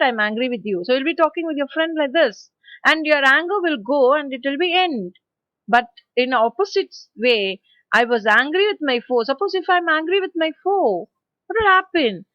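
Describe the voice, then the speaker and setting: A woman's voice: high-pitched, pushed and bright, no echo, muffled recording. A woman with an Indian English accent teaching a poem to school children, explaining line by line, repeating verses and asking rhetorical questions. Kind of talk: poetry lesson for school children.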